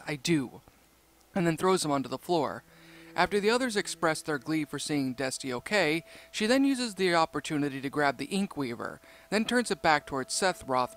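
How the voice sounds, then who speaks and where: A man reading a creepypasta story aloud in a steady, measured narration. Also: on the high side.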